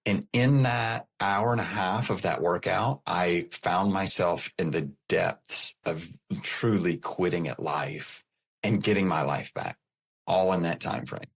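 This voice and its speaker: A man's voice: low-pitched, takes it slowly, gravelly, husky. A middle-aged man, a podcast guest, telling his personal story in an earnest way, often repeating and restarting his phrases.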